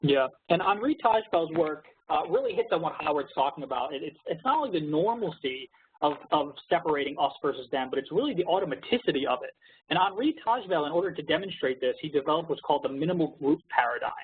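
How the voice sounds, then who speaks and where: A man's voice: fairly high pitch, animated, fast talker, slight background noise. A man co-presenting a webinar, explaining research studies in a lecturing way over a video call. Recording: narrow phone-like webinar audio.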